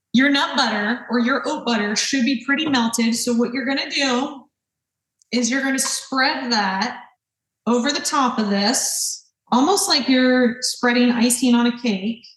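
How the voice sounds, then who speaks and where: A young woman speaks from her kitchen, her voice set a little high. She sounds earnest and openly emotional, and she reassures the listener gently. The room around her is echoey. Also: unhurried. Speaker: host. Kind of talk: heartfelt podcast monologue while cooking.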